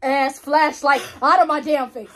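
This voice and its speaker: A woman's voice: high-pitched, steady tone, a little slow, a bit bright. A woman talking bluntly and irritably, cursing as she is bothered. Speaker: vlogger's girlfriend. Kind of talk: casual vlog chat.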